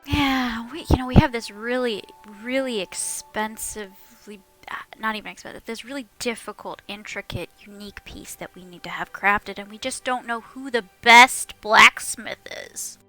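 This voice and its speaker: A woman, a player in a tabletop game, thinking aloud in a drawn-out, musing way. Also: on the high side, sharp tone, soft background music, low-quality recording. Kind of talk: casual tabletop game chat.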